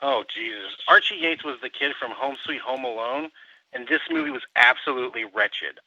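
Sarcastic podcast guy trashing movies, gravelly voice, kinda muffled lo-fi sound. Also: medium pitch, moderate pace, no room sound. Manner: animated, sarcastic, profane. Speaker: podcast co-host, movie reviewer. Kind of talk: casual movie banter.

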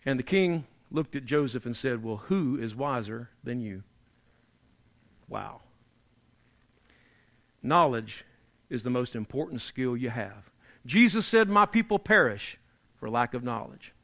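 A man preaching a sermon, emphatic and repetitive, dropping low and quiet to drive points home. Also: lively intonation, a little slow, pauses often. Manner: emphatic preaching, repeats key phrases, drops to quiet for emphasis. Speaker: pastor.

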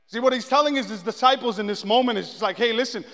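A man's voice: extremely high pitch, fast. A man preaching a casual, comedic sermon in a church, telling stories and acting out what people say. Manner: animated storytelling, acts out quotes. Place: church sanctuary. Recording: long echo of a large hall.

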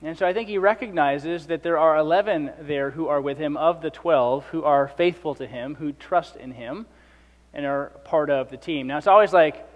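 High-voiced man preaching in a hall. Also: moderate pace, muffled recording. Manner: conversational, acts out the speakers in the passage. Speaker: pastor. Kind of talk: sermon.

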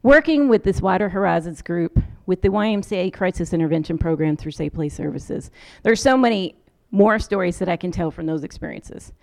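Speaking a little fast with hardly any pauses, this American woman has a low, creaky voice. She's a social work professor recounting a trip in a conversational lecture, animatedly voicing the people she quotes.

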